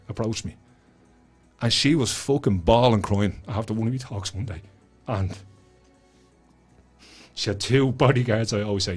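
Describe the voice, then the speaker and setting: A man with a Dublin Irish accent, a guest telling stories in casual podcast chat, blunt and swearing freely. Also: fairly low pitch. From Ireland. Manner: blunt, swears a lot, animated storytelling. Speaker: guest author and school speaker. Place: studio.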